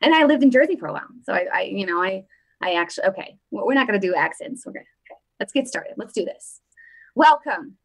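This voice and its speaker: A woman's voice: mid-range voice, expressive, fast, rough recording. A woman hosting her own live political show, chatting casually and upbeat straight to her viewers from her desk. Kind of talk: casual live-stream chat.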